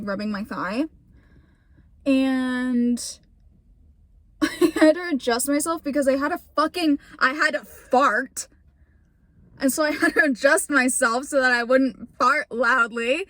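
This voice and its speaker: High-voiced young woman ranting casually. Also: measured pace, fairly bright tone, dry recording. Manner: rambling, heavy swearing, many fillers. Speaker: vlogger. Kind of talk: casual storytime rant while driving. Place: in a car.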